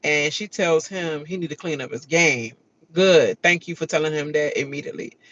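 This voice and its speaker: A woman hosting a casual reaction rant, animated and laughing, mocking others in loose casual speech. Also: low-pitched, moderate pace, muffled recording. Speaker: reaction video host.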